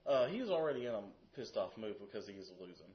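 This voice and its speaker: A man's voice: fairly low pitch, very animated, fast talker. Guy on a podcast telling judge stories, lots of ups and downs in his voice, muffled audio. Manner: storytelling, explains rules. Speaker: card game judge, podcast host. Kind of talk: casual podcast chat. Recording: dull lo-fi audio.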